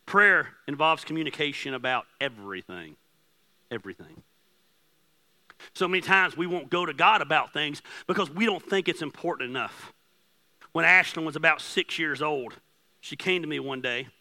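A man's voice: on the high side, expressive, moderate pace. A man in his forties preaching a sermon as pastor, impassioned and conversational, telling stories about his family with a self-deprecating touch. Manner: impassioned, rising to near-shouting.

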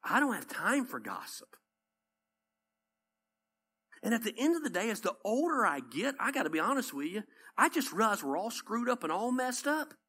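Animated Southern pastor preaching. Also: male voice, sits high, normal speed, husky. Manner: animated storytelling, repeats points for emphasis. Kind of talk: conversational sermon.

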